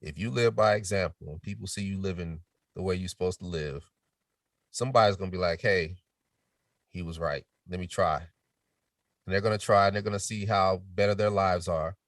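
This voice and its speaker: A middle-aged man speaking as a podcast guest in casual chat, telling lively stories and switching into quoted voices, sometimes dropping to a near whisper. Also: low-pitched, a little fast, no room sound, studio quality, far from the mic. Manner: animated storytelling with quoted voices, drops to a near whisper to demonstrate.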